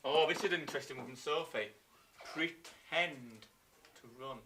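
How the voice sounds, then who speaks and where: A man with an English accent teaching a live online history lesson to children, telling the story with lively acted-out voices. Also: fairly high pitch, normal speed, noisy background. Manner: lively storytelling, acts out scenes in silly voices. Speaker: primary school teacher.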